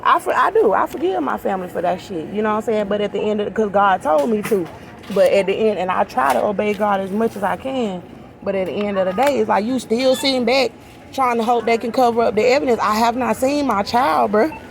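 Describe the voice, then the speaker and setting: A woman's voice: medium pitch, brisk, creaky. A woman in an agitated, rambling monologue to camera, profane and repeating herself. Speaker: vlogger. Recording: noisy background ambience.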